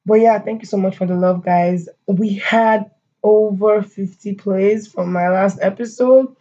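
A woman's voice: mid-range voice, fairly even intonation, measured pace, mellow, lo-fi sound. A woman hosting her own podcast, chatting casually with her listeners. She laughs often and uses a lot of fillers and asides. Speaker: podcast host. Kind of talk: casual solo podcast chat.

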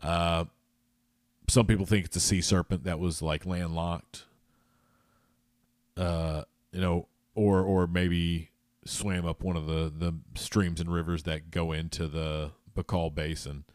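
A man's voice: sits low, little pitch movement, takes it slowly, a little mellow, no echo. A man hosting a podcast, rambling in a casual, jokey way and tripping over his words. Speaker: podcast host.

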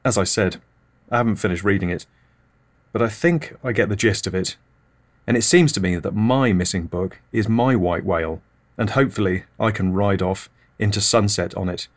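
Man, podcast host, deadpan, absurd humor, lowish voice. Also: moderate pace. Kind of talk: deadpan comic monologue.

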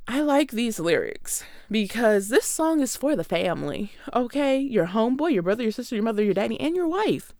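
A woman's voice: a little high, sing-song, brisk, few pauses, darkish tone, no room sound, studio quality. A woman in her twenties from Michigan, giving a sarcastic, conversational comedy monologue. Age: 20s. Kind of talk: comedic monologue about song lyrics.

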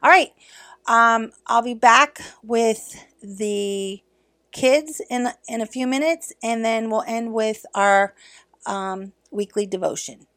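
A woman's voice: on the high side, slow, a bit bright. A middle-aged woman hosting a casual podcast for an early childhood center, chatty and cheerful as she talks with young children.

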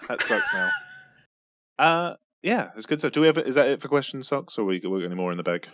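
Joking male podcast host with lively pitch. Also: a little fast, noisy background. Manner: jokey, laughing often. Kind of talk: casual group chat. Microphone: video call.

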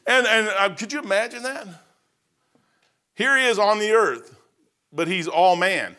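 This older preacher from Kentucky has a high, expressive voice with a bright, forceful tone. His sermon rambles in a folksy way, and he plays the people in his stories, voicing Bible figures quickly.

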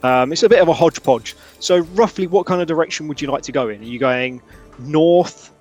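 A man's voice: a little high, a little fast, darkish tone, soft background music. A man narrating as game master for a tabletop game, describing with lots of hedging.

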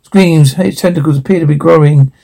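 A man retelling an animated episode aloud, reading out the stage directions with halting restarts. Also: on the high side, gravelly.

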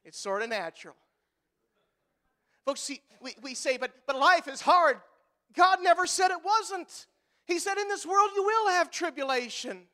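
A male pastor preaching a sermon in a church, swinging from loud emphatic lines to hushed ones and repeating words when worked up. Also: extremely high pitch, lively intonation, a little slow.

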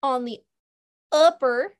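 A woman's voice: high voice, slow, clean tone, no room sound, clean studio sound. A woman running a tabletop game as game master, patiently repeating directions.

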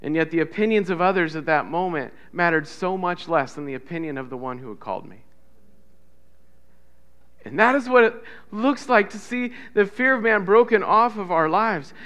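A man preaching a sermon as pastor, swinging between loud emphatic repetition and soft hushed lines, and leading the congregation in call-and-response. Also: high-pitched, animated, normal speed, clear, resonant tone. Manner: builds to loud emphatic repetition, drops to soft near-whispers.

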